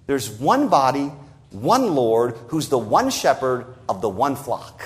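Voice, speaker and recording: A man preaching an expository sermon, stressing key phrases and quoting scripture slowly for emphasis. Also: sing-song. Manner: emphatic, rising on key phrases and dropping low at the ends of lines; repeats words for stress and quotes scripture in a slowed voice.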